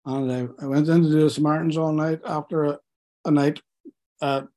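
A middle-aged man tells a personal story to an interviewer, candid and self-mocking, halting with fillers and close to tears. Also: a little high, flat delivery, dark tone. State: tearful.

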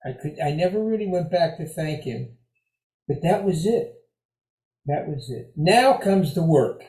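Animated older New man telling his story. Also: on the high side, unhurried, reverberant, poor audio. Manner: animated, conversational, repeats phrases for emphasis. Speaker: storyteller sharing recovery story. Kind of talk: personal storytelling talk.

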